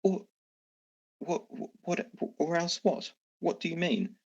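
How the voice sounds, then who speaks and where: A man doing a shrill, bossy town mayor. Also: expressive, slow, creaky, darkish tone, slightly rough, full character voice. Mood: nervous. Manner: indignant, bossy, shrill scolding. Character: fussy scolding woman town mayor in curlers. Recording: dull lo-fi mic.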